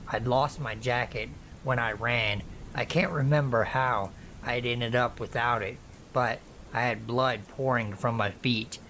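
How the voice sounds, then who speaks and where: Slow, somber male horror narrator. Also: mid-range voice, a bit bright, a little hiss or hum. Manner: slow, measured, somber reading. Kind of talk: scripted narration of true scary stories.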